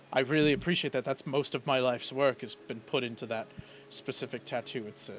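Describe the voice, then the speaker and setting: A man playing a weary tattoo artist in a tabletop game who talks earnestly and a little hurriedly. His voice stays mid-pitched and ordinary, the same as the game master's own. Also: a bit bright, a little hiss or hum, close to an everyday voice. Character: weary male tattoo artist fleeing a guild.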